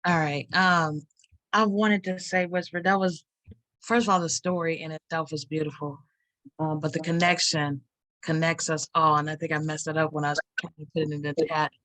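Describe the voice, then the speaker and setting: A woman on a video call chatting casually at an open mic, praising a poem with fillers and gushing warmth. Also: deep voice, flat delivery, normal speed, no echo. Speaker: open mic participant and writing teacher. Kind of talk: casual chat.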